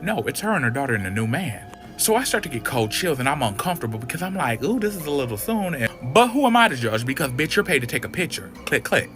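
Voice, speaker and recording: Animated, foul-mouthed male storyteller, quick and bright. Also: mid-range voice, soft background music. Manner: animated, profane, acts out quotes. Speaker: storyteller in a played clip. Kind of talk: casual storytime.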